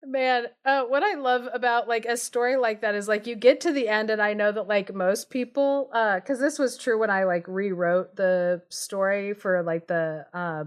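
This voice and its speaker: A woman's voice: medium pitch, clear, resonant tone. A woman telling a fairy tale on a live stream, narrating steadily and breaking off for playful, giggly asides. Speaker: storyteller, podcast co-host.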